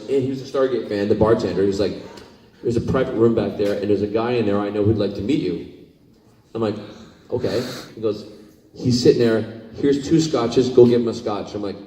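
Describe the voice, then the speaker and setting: A man telling stories as a convention panel guest, lively and laughing often as he acts out what people said. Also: lowish voice, brisk. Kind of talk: anecdotal storytelling on stage. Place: large convention hall. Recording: echoey hall, mic far off.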